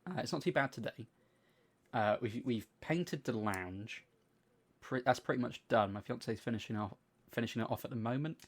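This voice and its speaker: A young man with a mid-range voice, chatting on a podcast. He tells long stories in an animated way and swears freely. He slips into other people's voices to act out what they said. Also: mid-range voice, normal speed, husky. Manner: animated storytelling, swears freely, acts out quotes. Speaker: podcast co-host. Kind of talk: casual chat.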